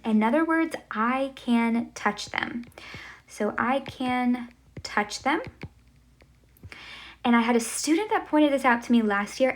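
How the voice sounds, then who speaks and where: A woman teaches a language lesson while drawing on a board, her voice sitting a bit high. She talks slowly and deliberately, pausing often to check in with the class with an upbeat "okay?" or "right?". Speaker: Spanish teacher.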